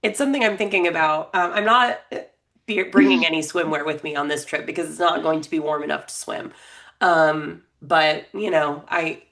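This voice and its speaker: A woman's voice: deep voice, moderate pace, fairly bright tone. A woman in her thirties co-hosting a podcast, chatting casually and playfully, laughing often. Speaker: podcast co-host. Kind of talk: casual chat.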